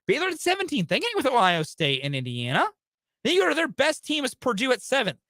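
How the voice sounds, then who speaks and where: A man's voice: very high voice, huge pitch swings, fast talker, bright, forceful tone, dry recording, clean studio sound. A young man hosting a sports talk radio show, ranting emphatically about college basketball.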